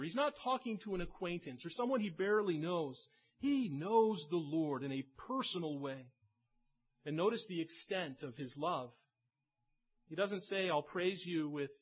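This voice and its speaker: Male pastor, sermon delivery, slightly raised pitch, husky edge, earnest and emphatic. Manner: earnest, builds to emphatic peaks, repeats words.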